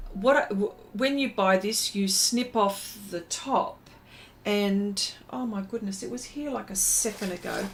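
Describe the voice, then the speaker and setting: Chatty woman streaming live. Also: medium pitch. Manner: chatty and rambling, many fillers and restarts; greets viewers by name. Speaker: art livestream host. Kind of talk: casual livestream chat.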